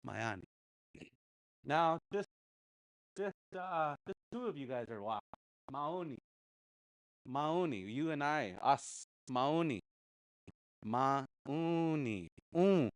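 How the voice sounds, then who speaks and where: A man runs a relaxed language class, taking his time and saying each word over and over. His voice sits slightly high, and the recording is close and dry with no room sound. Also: dry recording. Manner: patient, repeats words slowly, chuckles often. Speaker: language teacher. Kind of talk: casual language class instruction.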